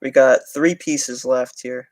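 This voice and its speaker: A man's voice: mid-range voice, fairly even intonation, slow, a little mellow, no echo. A young man, talking loosely on a livestream, rambling and swearing often. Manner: rambling, heavy swearing, restarts. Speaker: transit channel streamer. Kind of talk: casual livestream chat.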